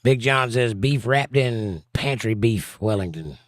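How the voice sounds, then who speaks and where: Reading viewer comments aloud on a casual livestream, a man with a Southern US accent offers dry, sarcastic, drawling asides. His mid-range voice is animated and measured in pace, with no room sound.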